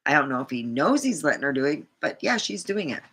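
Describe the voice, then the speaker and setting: A woman's voice: sits low, big pitch swings, fast, fairly bright tone, husky. A middle-aged woman vlogger telling a rambling dating story, full of fillers and restarts. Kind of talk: casual storytime monologue.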